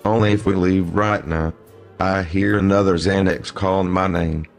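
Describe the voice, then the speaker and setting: A man's voice: sits low, steady tone, normal speed, soft background music. A man, dry and sardonic.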